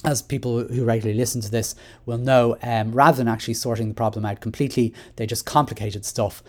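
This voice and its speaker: A man's voice: medium pitch, steady tone, quick pace. An Irish man hosting a solo education podcast, talking in a chatty, rambling way with many fillers and restarts. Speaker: podcast host.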